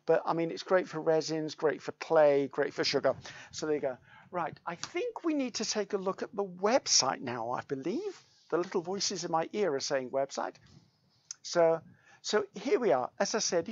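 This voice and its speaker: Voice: medium pitch, no room sound. A host runs a live craft demonstration, explaining techniques in a chatty way and reading out viewer comments. The voice sits in a middle register. The recording is dry and close, with a slightly dull, muffled tone.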